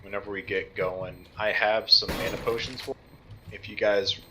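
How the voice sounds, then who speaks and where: A man's voice: fairly low pitch, little pitch movement, moderate pace, heavy background noise. A man on game voice chat, helping out his raid group in a matter-of-fact way. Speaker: raid member. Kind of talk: casual gaming voice chat.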